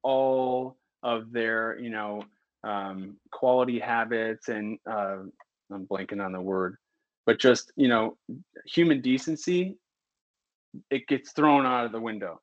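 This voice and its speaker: A candid physician talking on a podcast, getting more and more heated and animated as he goes. His voice sits at an ordinary pitch for a man. The recording is dry and slightly muffled. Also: takes it slowly, no echo. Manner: candid and animated, works himself into heated rants. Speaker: physician guest. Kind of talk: casual podcast conversation.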